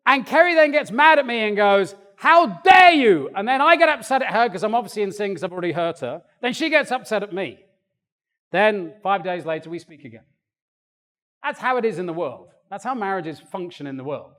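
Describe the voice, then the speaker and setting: An older man preaching a sermon in a church, animated and acting out quoted voices. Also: sits high, brisk. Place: church hall. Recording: long reverb of a church hall.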